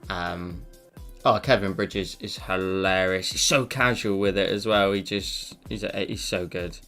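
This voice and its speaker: A man's voice: low-pitched, unhurried, a bit bright, faint music behind. A man chatting casually on a live stream while he draws, rambling with self-deprecating asides into a desk mic. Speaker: live-streaming digital artist.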